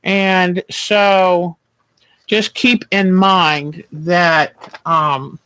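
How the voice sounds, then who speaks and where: A man hosting a quilting livestream, chatting gently and reassuringly while he sews at home. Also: sits high, fairly even intonation, very slow, a little hiss or hum, rough recording. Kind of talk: casual chat while sewing.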